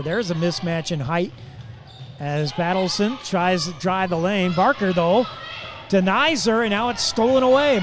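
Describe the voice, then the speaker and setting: Man, high voice, live basketball play-by-play, folksy local radio caller, shouts on big plays, ball bouncing in the gym. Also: background noise. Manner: rapid, excitable calls that rise into shouts on big plays; folksy, chatty asides to listeners. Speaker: play-by-play announcer.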